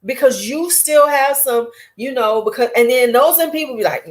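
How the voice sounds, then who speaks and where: A woman talks casually to her viewers. She is blunt and animated, and she pokes fun at herself as she goes. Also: high-pitched, normal speed, few pauses. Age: 40s. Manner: blunt, animated, profane, self-mocking. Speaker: beauty vlogger. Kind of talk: casual chat.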